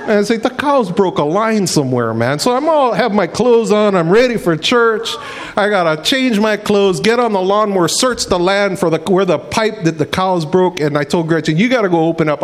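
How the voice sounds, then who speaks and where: A pastor telling homespun stories in a casual, folksy sermon, acting out quotes and often saying "man". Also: high voice. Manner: animated, acts out quotes in voices.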